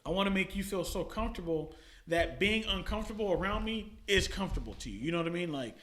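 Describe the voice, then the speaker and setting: A man telling stories in a casual chat as a podcast guest, animated, full of slang and swearing, laughing often. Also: high-pitched, quick pace, roomy sound.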